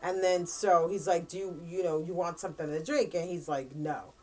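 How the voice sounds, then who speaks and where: Lady book reviewer with a low-ish voice, rambling thru the plot, lots of ums and likes. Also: steady tone, a little mellow. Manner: rambling plot retelling full of fillers and quick quoted asides. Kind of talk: casual book review chat.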